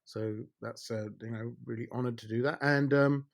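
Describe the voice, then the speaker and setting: A man's voice: mid-range voice, fairly even intonation, normal speed. A man in his forties with an Essex accent, a solicitor telling jokey stories as a podcast guest, with many fillers and restarts. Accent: Essex English. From England. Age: 40s. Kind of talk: casual podcast interview.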